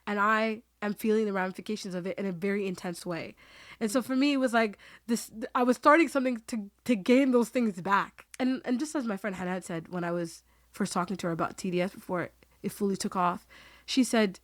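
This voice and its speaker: A woman's voice: mid-range voice, a little fast, no room sound, clean studio sound. A woman hosting a podcast, talking in an earnest, emotional way and laughing easily as she chats. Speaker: podcast host. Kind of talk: casual heartfelt conversation.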